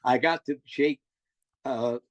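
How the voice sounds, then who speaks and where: A man's voice: mid-range voice, takes it slowly, highs cut off. An older man from New Jersey, a guest musician telling stories in a casual interview, eager and often restarting his sentences with stammers.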